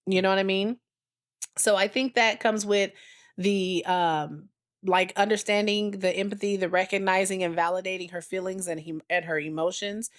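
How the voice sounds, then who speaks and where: A woman in her thirties co-hosting a podcast, telling stories in a casual, animated way and acting out dialogue. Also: mid-range voice, moderate pace. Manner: animated storyteller, acts out dialogue with her daughter. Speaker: podcast co-host. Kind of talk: casual chat.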